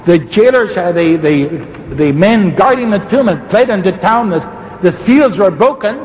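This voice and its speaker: A man preaching a sermon in a debate, fervent and fast-talking, swooping up high for emphasis and restarting mid-sentence. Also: animated, reverberant, long reverb tail, a little hiss or hum, poor audio.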